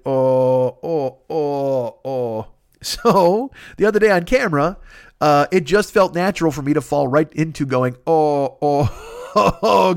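A man's voice: fairly high pitch, dry recording, studio quality. A man hosting a podcast, telling a comedic story in a profane, ranting, self-mocking way. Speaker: podcast host.

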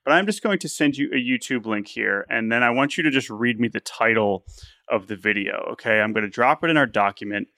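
An eager male podcast co-host who rambles, restarting his sentences as he builds a point. His voice sits in a middle pitch, and the recording is dry and close-miked. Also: expressive, a little fast, pushed and bright, no echo. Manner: enthusiastic, rambling with many restarts. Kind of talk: casual podcast chat.

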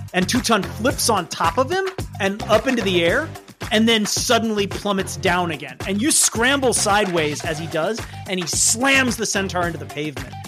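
A man running a superhero tabletop game as game master, narrating in a loose, chatty way with frequent laughs. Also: sits high.

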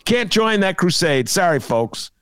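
A man's voice: sits high, very animated, unhurried, fairly bright tone, clean tone, no room sound, clean studio sound. A man hosting a political talk show, ranting sarcastically and laughing at his own jokes. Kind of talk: opinionated political chat.

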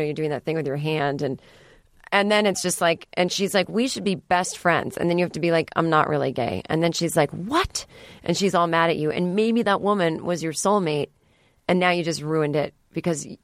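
A woman's voice: sits low, no echo, clean studio sound. Chatty woman comedian hosting a podcast. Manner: chatty, animated, jumps into playful voices for quoted people. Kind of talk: casual comedic monologue. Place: podcast studio.

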